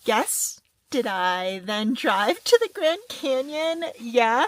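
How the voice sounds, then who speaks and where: A woman's voice: a little high, sing-song, slow. A woman vlogging casually from a car and outdoor viewpoints, chatty and exclamatory, swearing freely. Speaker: travel vlogger. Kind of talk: casual vlog monologue.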